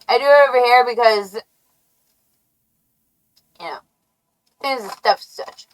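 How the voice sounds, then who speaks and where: Brief: unhurried woman streamer, a bit high-voiced, brash and mocking. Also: rough recording. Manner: brash, taunting, profane. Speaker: live streamer. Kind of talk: rambling livestream rant.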